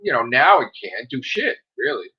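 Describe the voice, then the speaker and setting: A man's voice: medium pitch, moderate pace, husky, muffled recording. A man, a self-published author, chatting casually on a livestream, swearing and acting out what people said. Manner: animated storyteller, swearing, acting out dialogue.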